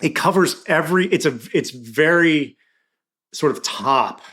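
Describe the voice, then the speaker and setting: A man's voice: a little high, measured pace. A man with a Philadelphia accent, a podcast guest telling stories in casual conversation and acting out quoted dialogue. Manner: animated storyteller, acts out quoted dialogue.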